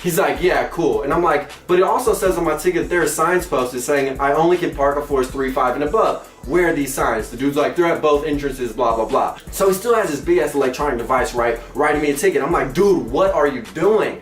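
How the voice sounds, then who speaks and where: A young man hosting his own show, telling a funny personal story with animated, squeaky outbursts and playful voices. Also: brisk, few pauses, faint music behind. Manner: animated, breaks into squeaky exclamations and mock singing. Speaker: comedic storyteller host. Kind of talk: comedic storytelling vlog. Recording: echoey room, mic at a distance.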